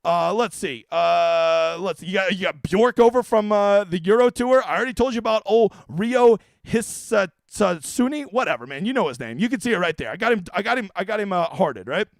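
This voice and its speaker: A man's voice: high voice, expressive, normal speed, creaky, few pauses, no room sound. A man hosting a casual streamed fantasy-golf picks talk, brash, profane and joking as he runs through his picks. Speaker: fantasy golf analyst host.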